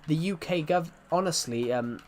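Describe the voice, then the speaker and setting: A man's voice: a little high, moderate pace, a little mellow. A young man from England with an English accent, chatting casually while live-streaming a game, rambling, repeating himself and restarting his sentences.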